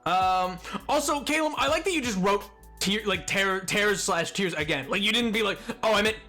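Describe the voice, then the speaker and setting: A man's voice: high-pitched, expressive, moderate pace, sharp tone, soft background music. A man streaming live, chatting casually with viewers in a rambling, self-mocking way and laughing often.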